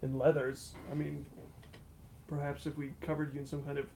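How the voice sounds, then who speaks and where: A man plays a jittery arena guard with a slightly high, gravelly voice, anxious and pleading. He frets for his family and begs not to be blamed. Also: monotone, moderate pace, mellow, a little hiss or hum. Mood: nervous.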